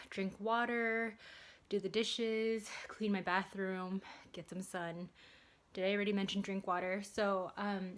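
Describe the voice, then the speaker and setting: A young adult woman vlogging casually at home, chatty and rambling, with lots of fillers. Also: mid-range voice. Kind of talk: casual vlog chat.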